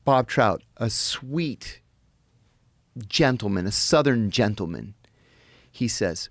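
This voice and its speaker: An American man, a guest on a podcast, telling his story in an animated way and acting out the people he quotes. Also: lowish voice, slow pace, pauses often, no room sound, clean studio sound. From United States.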